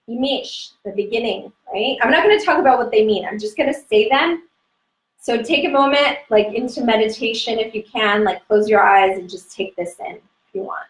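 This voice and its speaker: A woman teaching an online lesson in a chatty, gentle way, slowly listing terms one at a time. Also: on the high side, lively intonation, poor audio. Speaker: calendar teacher.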